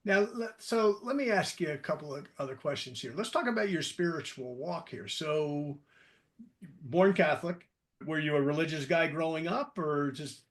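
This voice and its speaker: A man's voice: on the high side, moderate pace, fairly bright tone. A man from New Jersey who hosts an interview podcast and talks in a chatty, rambling way with self-deprecating asides. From New Jersey, East Coast. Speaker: podcast host. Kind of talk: casual interview conversation.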